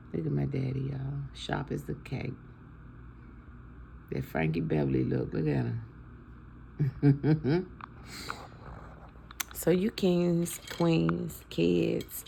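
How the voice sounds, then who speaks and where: A woman's voice: low-pitched, vocal fry, dark tone, slight background noise. A woman in her fifties talking to her followers in a casual, heartfelt and preachy way, emotional about her family. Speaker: vlogger. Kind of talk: casual heartfelt talk to camera.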